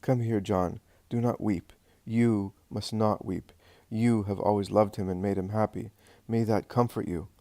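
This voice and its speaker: A man voicing a grieving middle-aged mother who speaks softly and haltingly, gentle and steadfast. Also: lowish voice, steady tone, vocal fry, no room sound. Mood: tender, hushed. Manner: soft, hushed, halting between short sentences.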